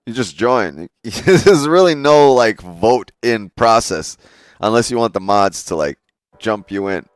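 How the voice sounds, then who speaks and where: A man's voice: fairly low pitch, expressive, a little slow, no echo, studio quality. A man hosting a casual trading live stream, talking straight to his chat in a loose, joking way and swearing often.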